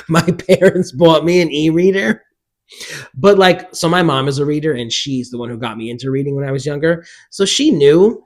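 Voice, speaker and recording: A man chatting to camera about books while alone in a room, animated and self-mocking, breaking into bursts of loud laughter. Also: mid-range voice. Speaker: book vlogger. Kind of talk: casual chat to camera.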